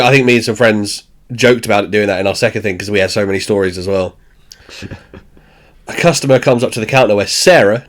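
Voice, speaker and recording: Sweary, blunt male podcast co-host. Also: lowish voice. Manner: blunt, sweary, acts out lines with laughter. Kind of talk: casual chat recapping a sitcom.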